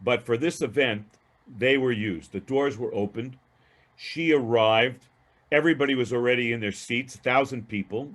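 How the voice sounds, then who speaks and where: A man giving a storytelling lecture on a video call, speaking in an animated, emphatic way with frequent restarts. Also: mid-range voice, normal speed. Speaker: guest lecturer.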